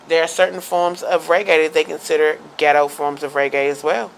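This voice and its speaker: Talk host, gravelly, emphatic and argumentative, stammers into points. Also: medium pitch, flat delivery, brisk, a little hiss or hum, low-quality recording. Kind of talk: casual debate and show sign-off.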